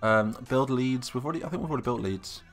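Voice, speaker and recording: A man's voice: medium pitch, fast, soft background music. A man from England, chatting casually on a live stream, thinking aloud with hesitant muttered asides.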